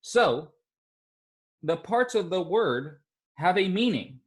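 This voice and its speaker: A male teacher leading an online class, speaking slowly and patiently and encouraging the children. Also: high voice, lively intonation. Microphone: computer mic on a video call.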